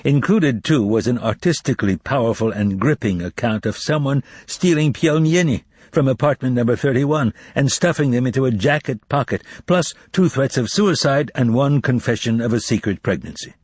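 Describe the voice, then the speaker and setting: Husky, lively male audiobook narrator. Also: medium pitch, normal speed, hardly any pauses, no echo. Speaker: audiobook reader. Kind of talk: expressive novel narration.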